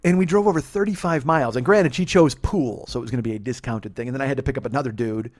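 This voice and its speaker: A man's voice: mid-range voice, fast, a little mellow. A man hosting a comedy podcast, telling a crude, rambling story with sarcastic asides. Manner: crude, sarcastic, jumps into silly voices.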